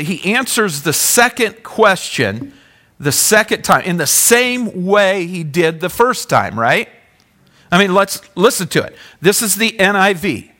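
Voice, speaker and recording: A man preaching a sermon, swinging from loud questions to hushed, almost whispered passages and calling on the congregation to answer. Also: on the high side. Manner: asks the congregation questions, calls for responses. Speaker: pastor.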